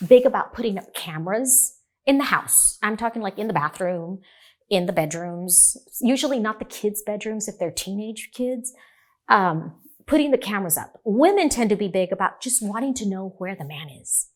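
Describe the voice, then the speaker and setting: A middle-aged woman, a divorce lawyer, talking in an animated storytelling way and acting out the dialogue. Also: mid-range voice, moderate pace. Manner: animated, acts out quoted dialogue. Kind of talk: storytelling in a podcast interview.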